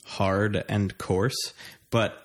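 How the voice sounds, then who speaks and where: Young man, low voice, casual rambling chat, self-conscious asides. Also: very slow. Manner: relaxed, rambling, hesitant. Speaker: conversation partner.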